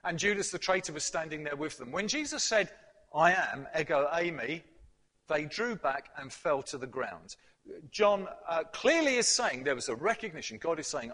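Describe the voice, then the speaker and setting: A man preaching a sermon, emphatic, building to loud climaxes, with fillers and restarts. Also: on the high side, husky. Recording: hall with long reverb.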